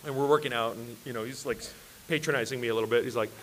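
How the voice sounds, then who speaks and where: A man's voice: mid-range voice, fairly even intonation, racing, fairly bright tone. A man preaching at a church worship service, telling self-deprecating, humorous personal stories to a congregation. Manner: self-deprecating, joking storyteller.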